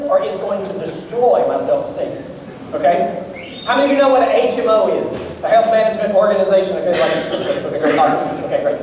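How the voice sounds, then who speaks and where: This sermon comes from a pastor whose voice sits high and a little mellow, captured far away in a large, echoey church auditorium with some hiss or hum. He's a joking storyteller who keeps talking straight to the crowd.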